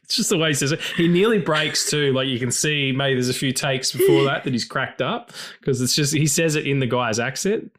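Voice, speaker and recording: A man's voice: mid-range voice, brisk, hardly any pauses, a bit bright. A man hosting a film podcast in casual chat, rambling and philosophizing with frequent swearing. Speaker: podcast host.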